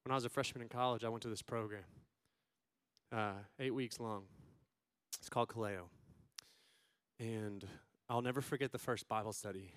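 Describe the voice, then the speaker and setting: A man in his thirties doing stand-up, telling stories as a father and acting out loud quotes between hushed asides. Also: on the low side, fairly even intonation, moderate pace, long pauses, no room sound, clean studio sound. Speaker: stand-up comedian. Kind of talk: stand-up storytelling.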